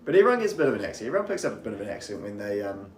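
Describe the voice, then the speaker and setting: A man's voice: lowish voice, big pitch swings, very fast, echoey room. A man from New Zealand with a faint, mostly anglicized New Zealand accent, giving chatty live race commentary full of rambling asides. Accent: faint New Zealand, mostly anglicized toward British.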